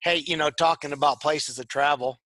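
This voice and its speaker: Male co-host, casual and rambling, crisp bright tone, dry close sound. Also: on the high side, steady tone, a little fast, dry recording. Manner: rambling, repeats words often. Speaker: podcast co-host. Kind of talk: casual chat. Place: tech shop.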